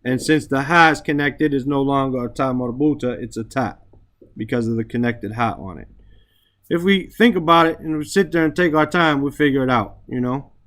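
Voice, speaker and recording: A man's voice: mid-range voice, moderate pace, fairly bright tone. Patient man teaching Arabic grammar. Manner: explains patiently with frequent "right?" checks; recites Arabic verses then translates. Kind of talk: classroom grammar lesson.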